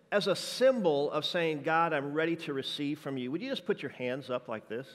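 A man's voice: a little high, animated, moderate pace, hardly any pauses. A man preaching a church sermon as a guest juggler, playful and jokey, working the crowd with energy. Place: church sanctuary. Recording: reverberant church hall.

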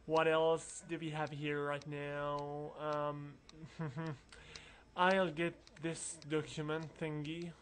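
A man's voice: fairly high pitch, flat delivery, slow pace, fairly bright tone. A man giving casual, rambling commentary over a role-playing game walkthrough, mumbling through asides. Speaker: let's play narrator.

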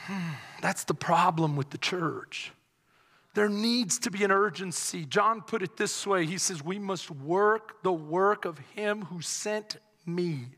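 A male pastor preaching an impassioned sermon, telling stories dramatically and shouting at the high points. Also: measured pace, big-room sound.

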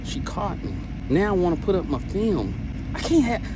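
A man talking casually to camera while cleaning trash cans outdoors, loud and joking, often shouting and exclaiming. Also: high-pitched, wildly swooping pitch, a little slow. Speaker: trash can cleaning business owner. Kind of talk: casual on-the-job vlog. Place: outdoors by a house, near a street. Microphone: small clip-on mic with phone camera. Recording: outdoor street noise behind.

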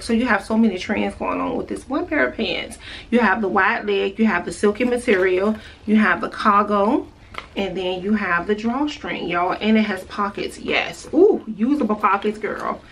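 A chatty woman gushes about her finds in a casual try-on haul, repeating her favorite words. Her voice sits at an ordinary middle pitch. It was caught on a phone camera at home, with faint room noise behind her. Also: fairly bright tone, recorded from a distance. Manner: gushing, chatty, repeats herself. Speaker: vlogger. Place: at home, indoors.

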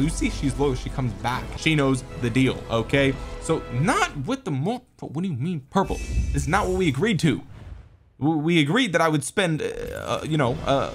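A young man giving gameplay commentary, with exasperated, joking rants at the game. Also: a little high. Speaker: gaming content creator.

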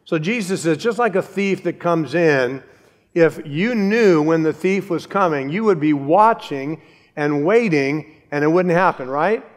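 An older male pastor preaching a sermon in an easy, joking, conversational manner. His voice sits fairly high for a man. A long reverb from the church sanctuary trails behind his words. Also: animated, unhurried.

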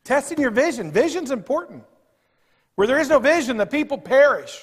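A middle-aged pastor, preaching a sermon with humorous stories, swinging from loud outbursts to low asides. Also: male voice, very animated, brisk, breathy edge. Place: church sanctuary. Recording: long hall reverb.

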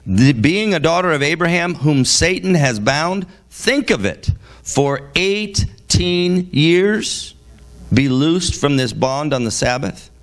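A man delivers a church sermon with bold emphasis, reading scripture in a measured tone before bursting into animated, exasperated commentary. His pitch leaps high when he gets fired up, and he mixes humor into the preaching. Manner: emphatic, swings from low reading to loud, high-pitched exclaiming. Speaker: guest preacher. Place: church service.

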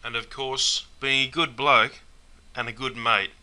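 A man with an Australian accent hosts a scripted comedic slang lesson, with a drawl and broad slang. His voice is bright and forceful at a middle pitch. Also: fairly even intonation, measured pace. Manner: drawling, tacks "mate" onto phrases, broad slang. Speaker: host and teacher of Australian slang.

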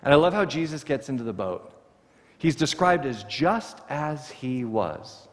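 A man preaching a sermon to his congregation, expressive and acting out the words he quotes. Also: mid-range voice, unhurried, long reverb tail. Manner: expressive, voices Jesus' words with rising emphasis. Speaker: pastor. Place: church sanctuary.

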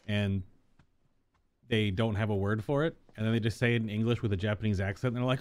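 Man, gaming commentary host, chatty and excitable, lowish voice. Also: brisk. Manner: enthusiastic, rambling, laughs often. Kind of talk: casual let's-play commentary.

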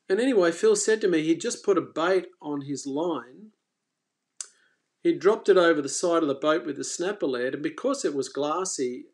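A man hosting a fishing live stream, telling a story casually and with energy, stumbling and restarting, then trailing off quietly. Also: on the high side. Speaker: fishing coach and channel host.

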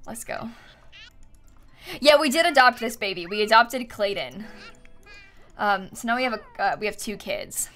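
A woman's voice: a little high, expressive, normal speed, pauses often, fairly bright tone, soft background music. A young woman chatting casually and giggling often as she streams herself playing a game. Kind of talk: casual live-stream chat while playing.

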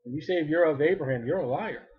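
A man's voice: fairly high pitch, quick pace, husky, highs cut off. A male preacher giving a fervent sermon, repeating his phrases and rising to cries when he quotes.

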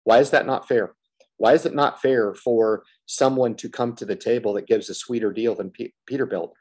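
A man's voice: medium pitch, steady tone, normal speed, a little mellow. A man giving a frustrated solo commentary on a stock, blunt and repetitive, swearing casually and circling back to the same complaints.

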